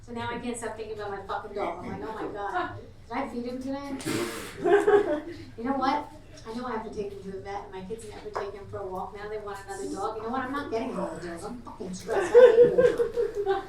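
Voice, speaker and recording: A middle-aged woman hosting and doing brash, conversational stand-up comedy, teasing the crowd, in a comedy club recorded from a distant mic with a loud audience. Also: medium pitch, very fast, reverberant.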